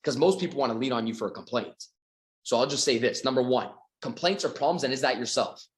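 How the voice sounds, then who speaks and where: A man's voice: medium pitch, quick pace, reverberant. A man from Canada giving a motivational sales talk, acting out little dialogues and swearing casually. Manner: animated storytelling, acts out dialogues, swears casually. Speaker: sales coach. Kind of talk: motivational talk to an online audience.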